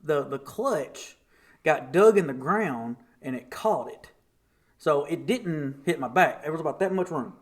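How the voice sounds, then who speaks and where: A man guesting on a podcast tells a story in casual chat, his voice on the high side and his pace measured. He's animated, laughs often, and acts out the voices of the people in his story.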